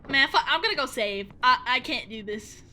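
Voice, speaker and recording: A woman's voice: high-pitched, expressive, moderate pace, bright, forceful tone, slight background noise. A woman streaming a game, chatting playfully to her viewers, cursing now and then and reading dialogue aloud. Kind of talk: casual gameplay commentary.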